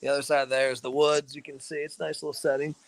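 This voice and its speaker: A man's voice: a little high, level tone, racing. A young man hosting a casual live-stream chat from a back-porch hammock, teasing and playful. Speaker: host. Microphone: phone camera.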